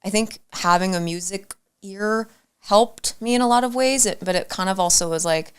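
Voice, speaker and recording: A young woman from Arizona, USA, appears as a guest actor on a talk show, chatting casually in a smooth, mid-range voice. Her speech is halting, full of fillers and restarts.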